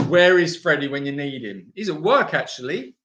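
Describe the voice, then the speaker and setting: A middle-aged woman co-hosting a livestream, chatty and excitable, laughing often. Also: low voice, moderate pace, background noise. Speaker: livestream co-host. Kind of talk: casual livestream chat.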